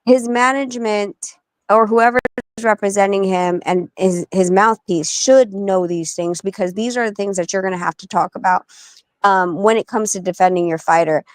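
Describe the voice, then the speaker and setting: A woman's voice: medium pitch, no room sound. Blunt woman swearing in casual chat. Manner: blunt, swears freely, tells stories quickly. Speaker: guest. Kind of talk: casual talk-show chat.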